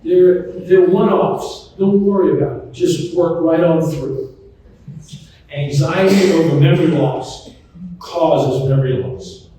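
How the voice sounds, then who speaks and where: A middle-aged man, a memory doctor giving a folksy, anecdotal talk to an audience, often pausing on ums. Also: fairly high pitch, mellow, slight background noise. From Charlotte, North Carolina. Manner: chatty, anecdotal, hesitant with many ums. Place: large echoey hall, voice from some distance. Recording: echoey hall, mic at a distance.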